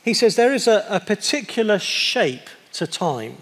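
High-voiced man preaching in an echoing hall. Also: big pitch swings. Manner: conversational and wry, slowing down for emphasis. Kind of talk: sermon. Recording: long hall reverb.

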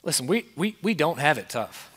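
A pastor delivers an earnest, emphatic sermon, his high and bright voice pressing questions on the congregation. He is recorded in a large church hall, and each phrase trails off into a long reverb. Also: sing-song, a little fast. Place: church sanctuary with a masked congregation.

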